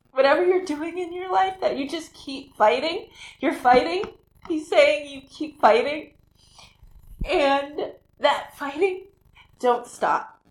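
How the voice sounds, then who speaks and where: A woman hosting a talk show, giving a live psychic medium reading in a halting, rambling way with many restarts. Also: high voice. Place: community TV studio. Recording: roomy, echoey room sound.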